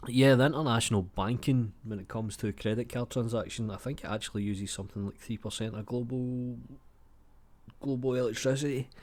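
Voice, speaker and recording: A man in his young adult years talks through viewer comments in a loose, unhurried way, swearing freely and calling everyone mate. His voice sits a little low, and he sounds like he is getting over a cold. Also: darkish tone. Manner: laid-back, swears freely, says mate a lot. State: has a cold. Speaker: YouTube creator. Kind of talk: casual chat reading viewer comments.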